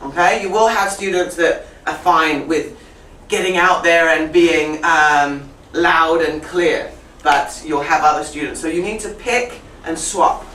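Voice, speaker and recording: Lively woman teaching in an echoey classroom. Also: low voice, unhurried. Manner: lively, repeats and corrects students. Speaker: teacher trainer. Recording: echoey classroom from far off with faint noise.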